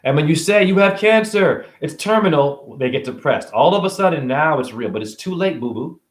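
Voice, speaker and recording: A man's voice: fairly high pitch, animated, fairly quick, roomy sound. A man ranting to camera about spirituality, sarcastic and profane. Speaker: vlogger.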